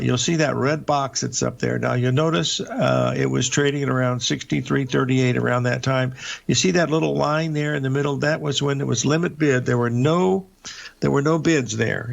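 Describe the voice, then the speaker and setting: Older man, deep gravelly fry, rambling folksy market commentary, lots of uhs, dull lo-fi audio. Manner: rambling, folksy, many filler uhs and restarts. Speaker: market show host. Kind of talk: live market commentary over charts.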